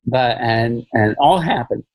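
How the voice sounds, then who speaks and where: A man's voice: mid-range voice, animated, unhurried, no room sound, low-quality recording. A man talking as a film director in a casual podcast interview, rambling and repeating phrases with many "you know"s.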